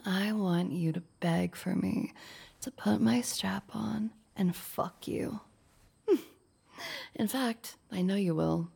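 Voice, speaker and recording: Casting: woman voicing a bossy, mocking young lady boss; slow, drawn-out delivery with a heavy gravelly fry. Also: mid-range voice, mellow, exaggerated voice. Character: domineering, teasing young woman company boss. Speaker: audio role-play performer. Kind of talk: intimate audio role-play.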